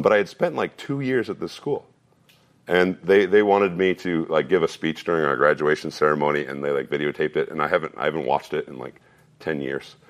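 A man in his thirties preaching a sermon, earnest and repeating phrases as he builds each point, sometimes dropping into a relaxed, story-telling tone. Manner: drops to a low conversational tone for a personal story. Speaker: pastor.

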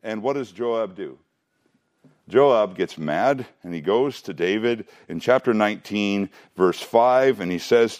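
A middle-aged man preaching through a Bible passage in a conversational, animated way with frequent restarts. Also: fairly low pitch, a little slow. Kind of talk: expository Bible teaching.

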